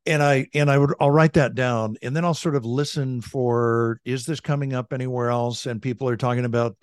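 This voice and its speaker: Speaking briskly with few pauses, a middle-aged Californian leadership coach shares stories in a podcast interview, upbeat and chatty, peppering his talk with "like" and "right?" His ordinary-pitched voice has a clean tone. A studio desk mic picks him up close in a dry home office lined by a large bookshelf, without room echo.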